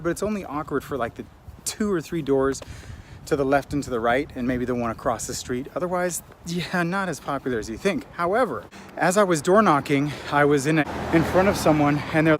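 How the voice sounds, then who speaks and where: A man, a real estate agent, vlogging casually in an excited, self-promoting, storytelling way while out on residential streets. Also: on the high side, a little fast, slight background noise. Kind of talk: casual vlog to camera.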